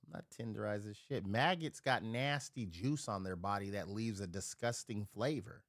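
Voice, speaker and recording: A man on a casual livestream, drinking while he chats. He rants in profane, rambling bursts, swinging from loud outbursts to low mutters, speaking from home. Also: animated, normal speed, no echo, clean studio sound. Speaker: live streamer. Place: at home near a refrigerator.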